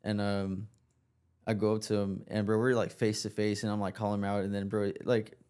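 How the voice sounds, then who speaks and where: A man's voice: lowish voice, monotone, fairly quick, darkish tone, smooth. A man guesting on a podcast, talking in laid-back, slangy casual chat. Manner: laid-back, slangy, says bro a lot.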